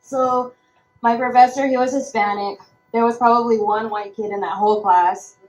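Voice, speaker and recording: A young woman tells a personal story at a roundtable, slightly high-pitched and animated, acting out quoted voices. Her voice rings in an echoey room. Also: normal speed, soft background music. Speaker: roundtable speaker.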